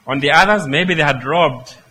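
A man's voice: on the high side, moderate pace, bright, forceful tone, rough recording. A man preaching a sermon, speaking emphatically and putting rhetorical questions to his listeners.

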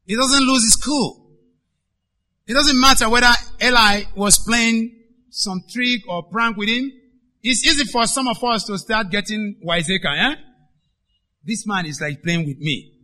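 High, sharp-voiced male preacher. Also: measured pace. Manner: emphatic, swings between loud and hushed. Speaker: pastor. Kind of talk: sermon.

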